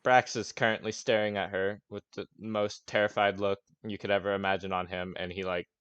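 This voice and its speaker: A man's voice: lowish voice, level tone, fairly quick, fairly bright tone, clear, resonant tone, dry recording, lo-fi sound. A man narrating casually as game master of a tabletop game, often swearing.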